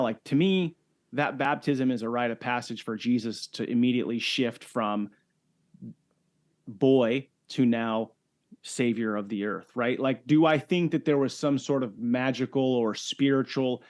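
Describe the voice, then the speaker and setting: A man's voice: medium pitch, darkish tone. A middle-aged man speaking as a podcast guest on fatherhood and faith. He talks emphatically and often checks in with "right?". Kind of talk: casual faith-based conversation.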